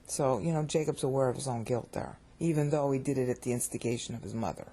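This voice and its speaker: A woman teaches a recorded Bible study in a mellow, softly husky voice. She talks casually and drifts into asides, restarting phrases as she goes. She repeats key words to drive home each grammatical point. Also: extremely low pitch, quick pace. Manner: informal and digressive, with frequent restarts and asides.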